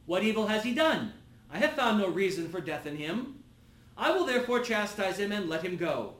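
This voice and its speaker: Guy reading as a nervous roman governor, high lively voice pushing questions, echoey room. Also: moderate pace. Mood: pleading. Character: Roman governor, grown man, uneasy and pleading.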